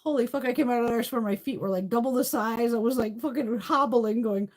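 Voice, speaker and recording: A middle-aged woman hosting a beauty livestream, telling stories in a loose, animated way, swearing freely and laughing often. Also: a little high, fast. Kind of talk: casual chat.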